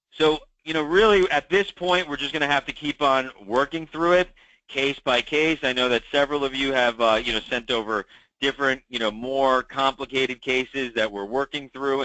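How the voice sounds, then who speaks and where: A man hosts a weekly call for insurance agents, working through problems conversationally with many fillers and repeating his key advice. His voice is mid-range and sharp in tone. The recording is rough, with no room sound.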